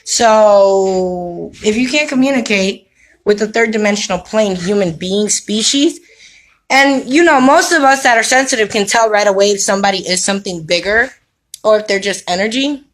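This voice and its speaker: With a mid-range voice and a moderate pace, a spiritual vlogger speaks to camera at home as kids are around. She's preachy and streetwise, regularly checking in with "you know what I mean?", over a rough recording.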